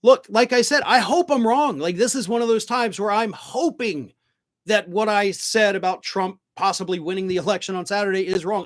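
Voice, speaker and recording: Speaking at normal speed in a high voice, a middle-aged man runs a live political stream. He responds bluntly to viewer comments he reads aloud and swears once he's riled up.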